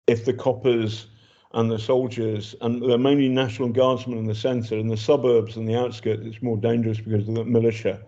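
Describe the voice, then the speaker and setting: A man's voice: medium pitch, level tone, a little fast, dark tone, lo-fi sound. An older British man, a journalist reporting from a war zone, talking in a chatty, hesitant way with many ums and restarts. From Britain. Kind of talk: casual spoken report.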